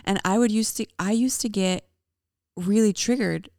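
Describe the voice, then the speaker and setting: A woman's voice: medium pitch, moderate pace, darkish tone, no room sound, clean studio sound. A woman co-hosting a casual faith conversation with her husband, candid and playful, laughing easily. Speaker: podcast co-host, wife.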